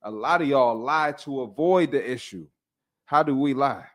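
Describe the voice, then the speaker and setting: A young man in casual podcast banter, talking bluntly and with lots of slang. His pitch sits in the middle of the range, and he often breaks into laughter as he drives his points home. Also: moderate pace, a bit bright. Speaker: fitness podcast host.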